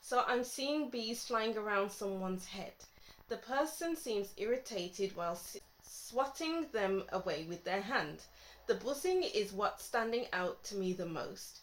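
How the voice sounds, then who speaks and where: A woman's voice: medium pitch, animated, measured pace, poor audio. A woman giving a casual tarot reading, thinking aloud and musing as she lays out cards. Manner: thinking aloud, musing, trailing off mid-thought. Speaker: tarot reader.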